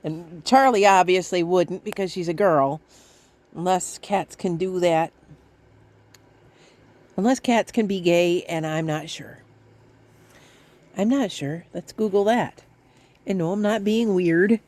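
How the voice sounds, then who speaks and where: Woman, casual, rambling, laughing, baby voice for pets. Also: no room sound. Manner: rambling, talks to her pets in a high baby voice; laughs often. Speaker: vlogger. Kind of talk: casual chat to camera.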